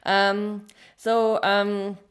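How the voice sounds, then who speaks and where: A woman co-hosts a casual review podcast, talking through scenes with plenty of ums and small laughs. Her pitch sits in an ordinary middle range. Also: flat delivery, extremely slow. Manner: chatty, frequent ums, laughs while telling details. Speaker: podcast co-host.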